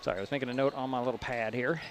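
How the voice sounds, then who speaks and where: A man giving brisk, chatty play-by-play of a high school basketball game, rising at big plays. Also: fairly even intonation. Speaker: play-by-play announcer. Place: school gym. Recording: gym noise behind broadcast mic.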